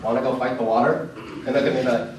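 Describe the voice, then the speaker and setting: A man's voice: mid-range voice, fast, slight background noise. Young man doing stand-up in an echoey club. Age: young adult. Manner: storytelling with acted-out dialogue, rising to shouts. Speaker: stand-up comedian. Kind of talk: stand-up comedy set. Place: comedy club stage with live audience. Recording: distant mic in an echoey room. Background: audience laughter.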